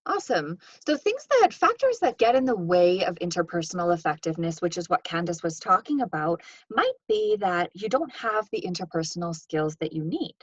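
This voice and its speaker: A woman's voice: lowish voice, sing-song, brisk, hardly any pauses, slightly rough, dry recording. A woman co-presenting an educational session, guiding listeners through examples. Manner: guiding, reads example sentences with changing stress. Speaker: workshop co-presenter. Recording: dull, dry lo-fi mic.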